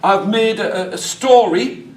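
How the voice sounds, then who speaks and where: A man's voice: high-pitched, takes it slowly. A man with a Northeast English accent, a storyteller leading a workshop, chatty and playful with the audience. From northeast England. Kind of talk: live workshop talk to an audience. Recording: echoey room, mic far off, faint background noise.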